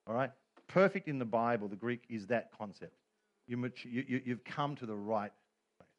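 A man's voice: mid-range voice, expressive, moderate pace. A middle-aged man preaching a sermon as pastor, telling stories with humor and quoted voices.

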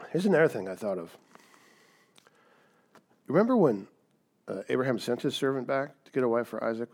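A man preaching a sermon in a conversational, animated storytelling way, often checking in with "right?". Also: medium pitch. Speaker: pastor.

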